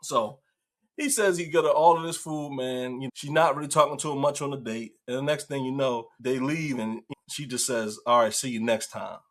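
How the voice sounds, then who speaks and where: A man's voice: medium pitch, fairly even intonation, normal speed. A male host telling a story in casual commentary, acting out the quotes and laughing often.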